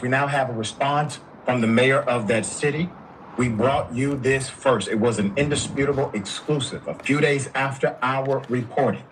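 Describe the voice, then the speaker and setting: A man hosting a news commentary show, speaking emphatically with dramatic pauses. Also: mid-range voice, slight background noise, poor audio.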